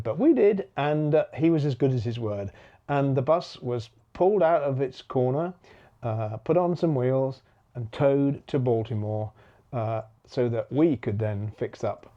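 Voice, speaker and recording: A man telling a story in a casual talk, acting out the voices of the people he quotes. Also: highs cut off. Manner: animated storyteller, acts out quoted voices with big pitch jumps. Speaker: bus preservation volunteer.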